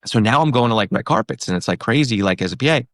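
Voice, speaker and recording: A comedian in his thirties telling a story in a casual interview, animated, acting out the other people in it. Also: mid-range voice, quick pace, no echo. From New York and Pennsylvania. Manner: animated, acts out quoted voices. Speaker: comedian guest.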